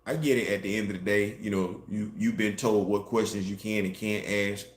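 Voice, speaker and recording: A man hosting a casual commentary show, talking in an animated, emphatic way with features. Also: lowish voice, moderate pace, slight background noise. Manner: animated, emphatic, rising to loud peaks. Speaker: host. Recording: roomy echo.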